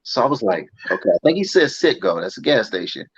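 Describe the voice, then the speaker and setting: Lively storytelling man, dry lo-fi sound. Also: medium pitch, fast talker, slightly rough. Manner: animated storyteller, acts out voices in quotes. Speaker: podcast host. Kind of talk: casual chat, storytelling. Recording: dull, slightly lo-fi sound.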